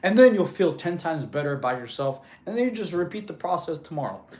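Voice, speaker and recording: Guy in his 30s streaming, reading chat out loud, chill bro-ish fitness coach vibe, voice sits a bit high. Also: sing-song, fast. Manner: laid-back, reads chat aloud, calls people bro.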